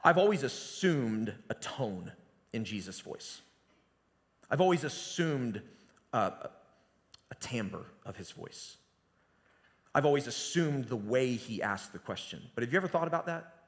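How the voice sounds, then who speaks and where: A man giving a sermon as pastor, telling the story conversationally and dropping to a hushed voice at times. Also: mid-range voice, very animated, measured pace, long pauses. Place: church sanctuary. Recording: long reverb of a church hall.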